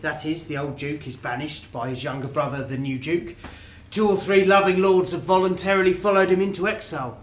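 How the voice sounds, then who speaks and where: Guy doing an earnest wrestler, bit high voice, echoey room, faint guitar behind. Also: steady tone, a little fast, a little hiss or hum, close to an everyday voice. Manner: earnest, storytelling. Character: loyal wrestler bringing court news. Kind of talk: amateur stage acting.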